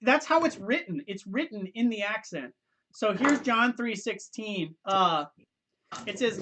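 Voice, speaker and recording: A young man hosting a youth ministry livestream, chatting loosely with quick restarts and easy laughs. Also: sits high, expressive, sharp tone, slight background noise. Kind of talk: casual livestream chat.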